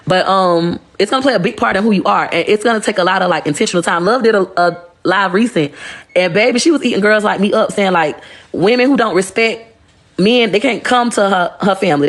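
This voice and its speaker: Blunt, profane woman with a gravelly voice. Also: medium pitch, fast talker. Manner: blunt, profane, animated storytelling. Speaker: livestreamer. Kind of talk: casual livestream monologue.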